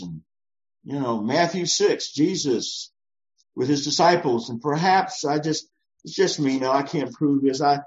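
With a bass voice and lively intonation, a woman pastor talks a little slowly through a conversational sermon. Warm and reassuring, she often acts out short voices along the way, captured on a dull lo-fi recording.

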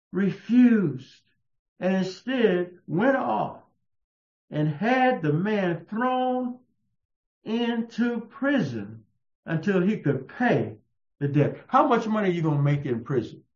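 A man preaching a sermon in a slow, emphatic storytelling manner. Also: expressive, darkish tone. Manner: slow, emphatic storytelling with raised-pitch quotes. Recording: echoey, muffled room sound.

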